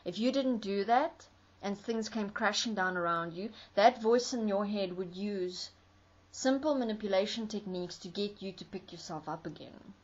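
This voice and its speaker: A woman's voice: mid-range voice, normal speed. A woman giving a spoken commentary in an earnest, explanatory way, often building her points as lists. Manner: earnest, explanatory, with listing rhythms. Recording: dull lo-fi recording.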